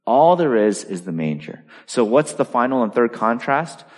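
A man preaching a sermon in a conversational style, full of asides and lively storytelling. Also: medium pitch, normal speed, in a large hall. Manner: animated, conversational, lots of asides. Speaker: pastor.

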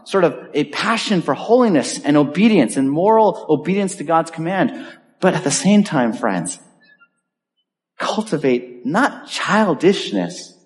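Earnest male pastor in reverberant hall. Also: fairly high pitch. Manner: earnest, pleading, drops softly at phrase ends. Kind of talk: sermon. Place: church sanctuary.

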